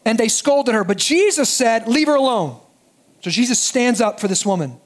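Male pastor, very high voice, lively sermon delivery that drops to hushed emphasis. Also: moderate pace. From United States. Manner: animated preaching, dropping soft for emphasis.

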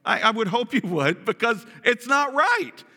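A man preaching a sermon as pastor, animated and often asking his listeners questions. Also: very high-pitched, normal speed, breathy edge, long reverb tail. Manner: animated, asks the congregation questions.

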